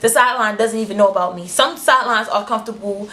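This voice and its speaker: Blunt, animated young woman telling a story. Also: mid-range voice, quick pace. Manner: frank, blunt retelling with slang and swearing; animated, acting out the other people in the story. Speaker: vlogger. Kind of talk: storytime vlog.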